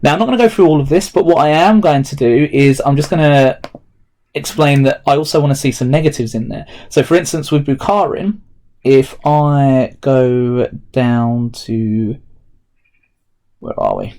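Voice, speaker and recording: A man's voice: medium pitch, moderate pace, mellow. A man, a history teacher recording a remote lesson and explaining each step aloud as he types notes.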